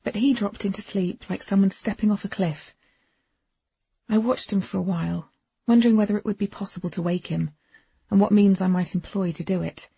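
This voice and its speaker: A woman's voice: medium pitch, fairly even intonation, brisk, gravelly, mellow, breathy edge, no echo. A woman narrating a first-person novel in an intimate, wry storytelling manner. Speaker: audiobook narrator. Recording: dull, dry lo-fi recording.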